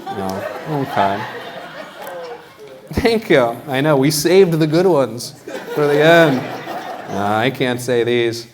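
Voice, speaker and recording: A young man from Washington, D.C., doing a stand-up comedy set in a gallery venue, with a deadpan, halting delivery and acted-out quotes. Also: mid-range voice, a crowd in the background, noisy background. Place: art gallery venue with live audience.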